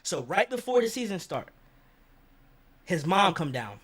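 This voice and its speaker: A young man telling a personal story as a vlogger, animated, slangy and profane, acting out the people he quotes. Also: high voice, measured pace, husky.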